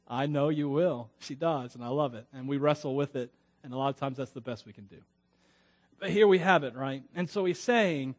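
A man's voice: a little high, normal speed. A middle-aged man preaching a conversational sermon, joking often and reading scripture aloud with emphasis. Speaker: pastor.

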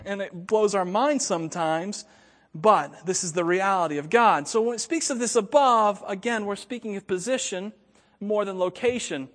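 Man, slight Southern accent, high-pitched, conversational sermon, chuckling asides, long reverb. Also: normal speed, fairly bright tone. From Florida, US. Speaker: pastor.

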